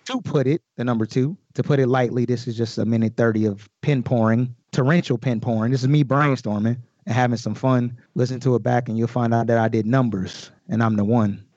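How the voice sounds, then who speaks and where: A man talking casually as a podcast guest, explaining his own rap lyrics in an animated way with many fillers. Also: mid-range voice, fairly quick, few pauses, no echo, dull audio. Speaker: guest recording artist.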